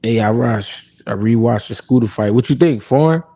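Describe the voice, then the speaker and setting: A man of medium pitch and dark tone talks at a moderate pace while hosting a live boxing talk stream. Relaxed and slangy, he reads comments from his viewers, laughs a lot, and often repeats what he says.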